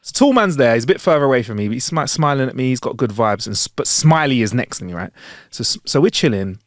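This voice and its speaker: A man's voice: medium pitch, expressive, fast, no room sound, studio quality. A man tells a long story on a podcast. He swears freely and acts out the people in it. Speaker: podcast co-host. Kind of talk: casual storytelling chat.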